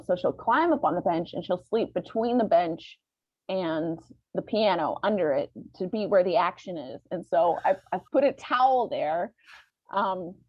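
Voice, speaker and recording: Animated woman telling funny stories. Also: medium pitch, no echo, lo-fi sound. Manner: animated, acts out voices and laughs while telling stories. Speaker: podcast guest, band's lead singer. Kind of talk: casual storytelling chat.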